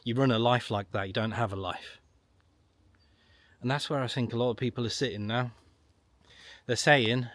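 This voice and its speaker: A middle-aged man holds forth in a solo commentary, emphatic and repetitive, driving each point home. His voice sits at an ordinary pitch. The recording is dry and close, with no room sound. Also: steady tone, fairly bright tone, no echo. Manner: emphatic, repetitive, ranting with long pauses. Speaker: online political commentator. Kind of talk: solo monologue to camera.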